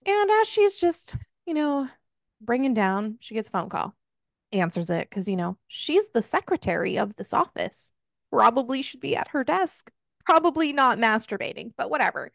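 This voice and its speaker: A woman with a fairly high voice and a gravelly, fry-laden edge talks casually as a book club host. She recaps the story frankly, swears freely and laughs often. The sound is close and dry. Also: sing-song, moderate pace, no room sound.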